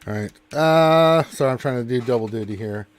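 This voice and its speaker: A man's voice: mid-range voice, a little fast, dry recording. A man hosting a casual gaming live stream, talking while he plays and groaning at the game. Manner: distracted, exclaiming while playing a game.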